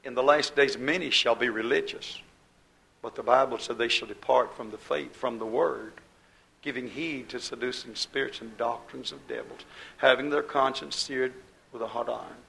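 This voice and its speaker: Gravelly-voiced preaching man. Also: mid-range voice, steady tone, moderate pace, sharp tone, poor audio. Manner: preaching with swelling emphasis and quoted scripture. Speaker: pastor. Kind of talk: fiery sermon.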